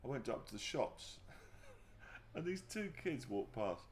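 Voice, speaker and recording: A man talking candidly as an interview guest, often pausing and restarting his sentences before warming into animated storytelling. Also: medium pitch, slight background noise. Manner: halting, restarts sentences, then grows animated telling anecdotes. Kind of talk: casual reflective conversation. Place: livestream conversation.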